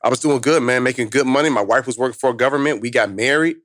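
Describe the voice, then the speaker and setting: A man tells his story fast and emphatically, packing it with street slang. He sounds close and dry, with almost no room around him. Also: mid-range voice, a bit bright, no room sound. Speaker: guest, motivational speaker. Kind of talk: casual storytelling in conversation.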